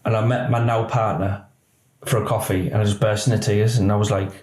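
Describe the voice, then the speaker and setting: A man, a retired police officer telling a personal story in halting speech that often quotes others. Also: lowish voice, level tone, darkish tone. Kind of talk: emotional personal account. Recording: roomy echo.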